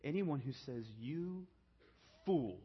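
A husky, slightly high-pitched male preacher delivering a sermon, dropping to a near whisper for weight and climbing back up with urgency. The recording is dull and lo-fi. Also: animated, normal speed. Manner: dynamic preaching, drops to a hushed low voice then rises. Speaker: pastor.

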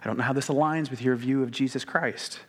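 A man preaching a sermon in a conversational way, slowing to quiet emphasis and then speeding up when animated. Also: medium pitch, husky. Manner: conversational, shifts between slow quiet emphasis and quick animated delivery.

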